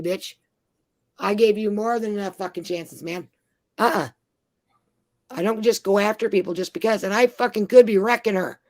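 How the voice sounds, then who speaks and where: A woman's voice: mid-range voice, no echo. A woman venting in an angry, profane rant, swearing nearly every sentence.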